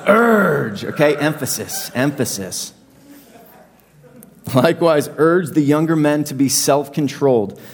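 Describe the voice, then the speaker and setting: A young adult pastor with a slightly high voice preaches to his congregation. His sermon is conversational and self-deprecating, with animated asides.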